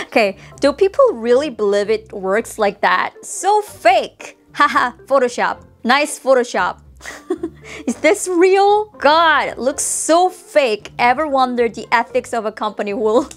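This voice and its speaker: A woman's voice: high voice, animated, takes it slowly, faint music behind. A young Korean woman with a Korean accent, reacting in a casual vlog with exclamations, laughs and mocking commentary. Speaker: YouTuber.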